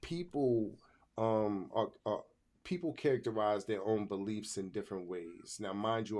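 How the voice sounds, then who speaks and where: A man's voice: lowish voice, moderate pace, darkish tone. A man co-hosting a casual podcast chat, emphatic, repeating phrases as he works out his point. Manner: emphatic, repeats himself while working out a point. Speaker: podcast co-host.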